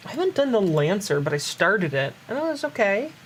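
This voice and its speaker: A woman's voice: medium pitch, big pitch swings, a little fast, a little hiss or hum. A woman streaming a game, chatting casually and giggling often. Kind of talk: casual gameplay chat.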